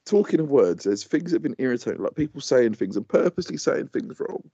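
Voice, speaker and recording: A man co-hosts a podcast in loose, casual chat, moaning cheerfully about pet peeves. His mellow voice swings up and down a lot in pitch. The recording is dry and a little dull. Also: sing-song, fast talker, gravelly, husky, no echo. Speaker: podcast co-host.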